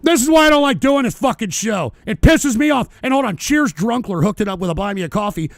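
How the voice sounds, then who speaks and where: A man hosting his own talk show, delivering an angry, profane political rant and often breaking into shouting. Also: high-pitched, animated, fast, creaky, few pauses, dry recording. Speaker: podcast host.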